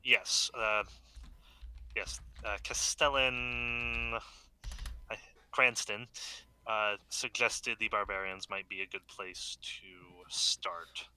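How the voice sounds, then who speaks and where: A man narrating as game master over a video call, unhurried and halting with many fillers. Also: on the low side, steady tone, sharp tone, smooth.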